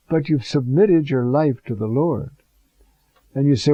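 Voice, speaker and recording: Priest, homily, chatty with fillers; dull, dry lo-fi recording. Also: male voice, medium pitch, a little slow, pauses often, no room sound. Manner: conversational, many fillers and asides.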